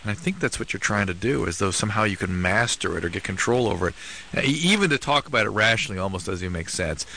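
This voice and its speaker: Fast, bright-voiced man giving advice. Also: on the low side, gravelly, slight background noise. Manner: calm explanatory, clinical. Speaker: radio advice host. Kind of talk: call-in radio advice.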